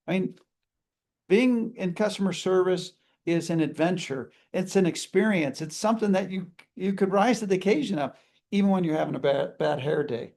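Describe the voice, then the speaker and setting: At a normal pace, with some vocal fry and a slightly mellow quality, a man with a high voice energetically teaches a live customer service class. He drops in quick acted greetings showing what a good phone call sounds like.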